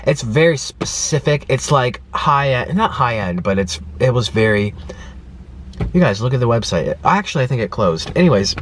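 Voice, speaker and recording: A man's voice: mid-range voice, animated, moderate pace, slight background noise. A young man chatting to camera from his car, telling a story with lots of acted-out quotes. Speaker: food vlogger. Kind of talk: casual chat to camera.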